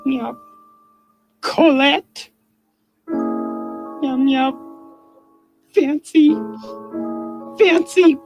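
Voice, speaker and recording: A man's voice: very high voice, very slow, long pauses, exaggerated voice, low-quality recording. A man voicing a female puppet cat who meows through every phrase and wails in emotional, jealous outbursts, with piano music behind. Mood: meltdown. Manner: wailing, tantrum-like outbursts.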